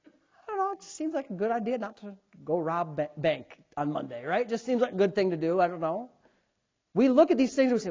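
A man's voice: high voice, brisk. A man in his thirties preaching a sermon as a pastor, acting out voices and calling on the congregation to answer. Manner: animated preaching, acts out God's voice and calls for responses. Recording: dull lo-fi sound.

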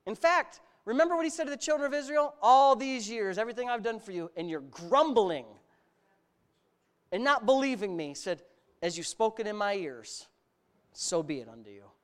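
At a normal speed and with a clean tone, a high-voiced middle-aged pastor gives an animated sermon. His delivery swings from sarcasm to mounting exhortations that nearly become shouts.

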